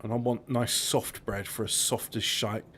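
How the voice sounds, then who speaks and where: A man's voice: mid-range voice, little pitch movement, normal speed, crowd noise. A man chatting casually while gaming, rambling with frequent stammered restarts.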